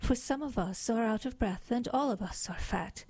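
Nervous little oysters begging, woman reading, soft mellow voice. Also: a little high, normal speed, husky. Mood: pleading. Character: anxious plump little oysters. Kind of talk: poetry reading on radio.

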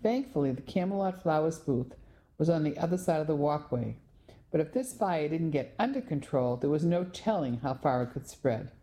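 A woman narrating a novel in the first person, telling the story in a clear, measured way. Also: deep voice, lively intonation, dark tone. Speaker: audiobook narrator.

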